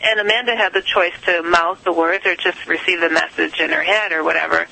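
A man's voice: high voice, steady tone, brisk, vocal fry, sharp tone, rough recording. A man telling a story in a rambling, casual way, with many fillers and restarts. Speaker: guest.

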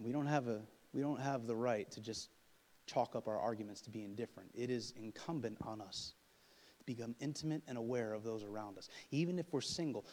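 This pastor's voice sits in the mid-range as he gives a humorous sermon that swings between loud emphasis and quiet asides. Couples' arguments get acted out, all heard through long hall reverb.

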